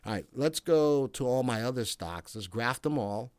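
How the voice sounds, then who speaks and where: A talkative man runs a casual stock market livestream, answering viewers and reading out tickers in a playful, bantering way. His voice sits at an ordinary middle pitch and is recorded close and dry, with no room sound around it. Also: expressive, moderate pace, darkish tone, no room sound.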